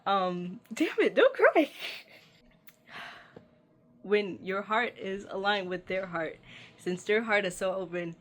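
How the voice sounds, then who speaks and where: A woman's voice: on the low side, slight background noise. A woman giving a channeled tarot reading, speaking straight to the listener in an earnest, affectionate way. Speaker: tarot reader.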